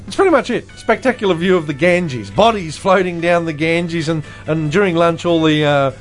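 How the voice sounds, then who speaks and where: A man co-hosting a comedy radio show, trading dry, sardonic quips and quick asides. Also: fairly high pitch, faint music behind.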